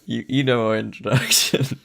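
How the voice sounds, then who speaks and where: A man's voice: medium pitch, little pitch movement, moderate pace, creaky, a bit bright. A man co-hosting a casual podcast, crude and sarcastic, often muttering insults under his breath. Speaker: podcast co-host. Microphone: studio mic he keeps bumping.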